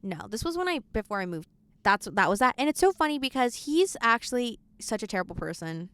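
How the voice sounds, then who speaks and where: A teenage girl hosting a podcast, telling stories in a quick, animated, laughing way. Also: a little high, clear, resonant tone. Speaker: podcast host. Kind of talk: casual chat.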